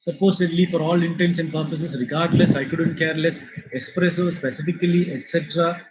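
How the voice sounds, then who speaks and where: A man from India gives a vocabulary lecture in a high-pitched voice. He explains patiently, repeats his word lists and fills pauses with "uh" and "you know". The recording sounds dull and lo-fi. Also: steady tone, slight background noise. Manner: explanatory, repeats words, many fillers. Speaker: English lecturer.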